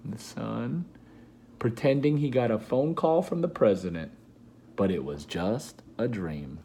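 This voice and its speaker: A man reading a children's book aloud, pausing to explain the pictures to a child listening. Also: on the low side, mellow, slight background noise. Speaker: storybook reader.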